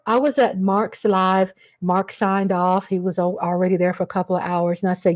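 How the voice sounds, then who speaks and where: In a casual livestream, a woman rambles chattily, naming viewers as she greets them. Her mid-range voice stays fairly even in intonation, moving at a moderate pace with few pauses.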